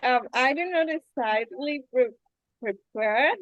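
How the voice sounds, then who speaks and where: A young Ecuadorian woman, a native Spanish speaker, answering in halting learner English with many pauses and fillers. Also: high-pitched, animated, dry recording, muffled recording. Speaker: student.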